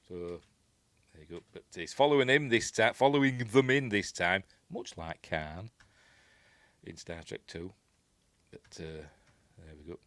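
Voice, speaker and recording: A man's voice: low-pitched, expressive, a little slow, long pauses, a bit bright, no echo. A man with a Yorkshire accent giving a rambling, chuckling commentary on a film, acting out quoted lines. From Yorkshire, England. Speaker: film reviewer.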